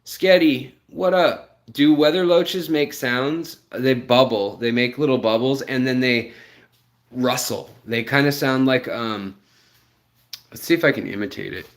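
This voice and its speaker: A man's voice: mid-range voice, unhurried. A man hosting a casual live stream, rambling with lots of fillers and greeting viewers in the chat by name. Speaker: livestream host.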